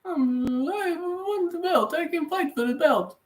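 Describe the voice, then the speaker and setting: A man putting on a high, squeaky voice to mock a boastful male fighting champion who keeps repeating himself. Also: a little slow.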